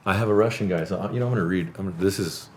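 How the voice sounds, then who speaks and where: A man hosting a podcast in a studio, telling animated stories in casual chat and laughing often. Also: low-pitched, racing, slight background noise. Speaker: podcast host.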